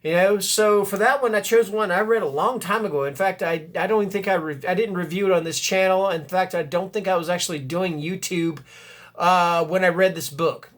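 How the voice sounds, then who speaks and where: A booktuber with a high voice, talking a little fast, rambles through casual book chat. He corrects himself, shows bursts of enthusiasm, and reads blurbs aloud.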